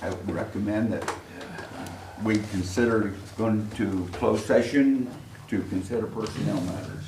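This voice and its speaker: A man chairing a public meeting, speaking slowly and calling on members by name. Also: fairly low pitch. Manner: slow, calling names in turn. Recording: roomy far-off mic with noise.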